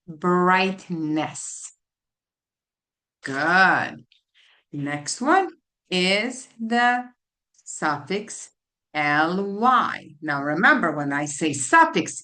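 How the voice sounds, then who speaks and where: A woman tutor teaching a phonics lesson to children, spelling out letters and repeating each word slowly. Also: fairly low pitch, big pitch swings, bright, forceful tone. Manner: slow, deliberate, spelling out letters and repeating words. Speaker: literacy tutor.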